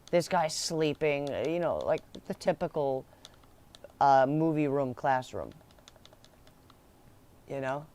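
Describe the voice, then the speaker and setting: A man's voice: a little high, a little mellow, smooth. A young man telling a school story in a rambling, casual way, laughing and swearing as he goes.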